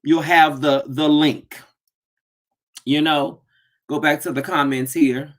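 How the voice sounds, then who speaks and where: A woman hosting a casual live stream from her home office, greeting viewers by name and bursting into excited shouts. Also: low-pitched, slow. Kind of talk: casual chat.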